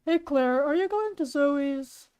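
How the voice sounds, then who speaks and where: A woman voicing a brisk father who talks in short, firm lines. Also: sits high, animated, a little mellow, no echo, lo-fi sound. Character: brisk father of a teen girl.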